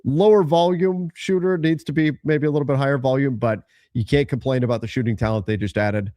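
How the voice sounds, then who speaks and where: A man hosting a live basketball show, giving emphatic, measured opinions on trades. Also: mid-range voice, fairly even intonation, mellow, no echo, studio quality. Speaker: podcast host. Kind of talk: live basketball analysis chat.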